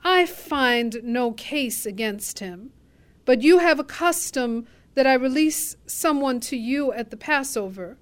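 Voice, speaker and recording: A woman voicing a wary male Roman governor, asking his questions slowly and deliberately in a high voice. The delivery is unhurried, each word set down with care. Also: expressive. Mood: questioning.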